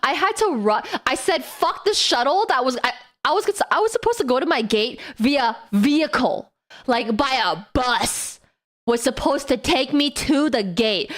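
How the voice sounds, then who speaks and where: A young woman streamer telling a story in casual, profane talk, with frequent laughter. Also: sits high. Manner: animated, profane, laughs often.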